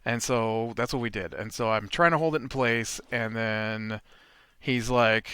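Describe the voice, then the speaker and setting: Guy rambling through a story while gaming, bright voice, super dry sound. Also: on the low side, moderate pace, clean tone, no echo. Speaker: let's play host. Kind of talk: casual chat while playing a video game.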